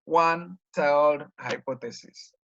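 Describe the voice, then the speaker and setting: A male teacher leads a classroom lesson in a slightly raised voice. He spells out terms carefully and keeps pausing on "what?" for the class to finish his sentences. The recording is a bit muffled and lo-fi. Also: fairly high pitch, gravelly, a bit bright. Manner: prompts students by leaving sentences open with "what?"; repeats key terms slowly and deliberately. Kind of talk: classroom lecture.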